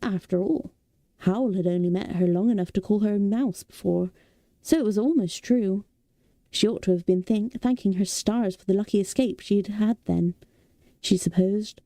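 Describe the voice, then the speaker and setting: A woman reading a novel aloud as a soothing bedtime read-aloud, softly and slowly. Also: mid-range voice, no echo. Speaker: audiobook reader.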